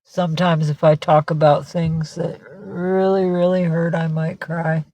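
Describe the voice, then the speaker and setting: A woman's voice: low-pitched, steady tone, unhurried, dark tone, dry recording. A woman livestreaming in casual chat, teary and emotional, slipping into baby talk with her cat. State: tearful.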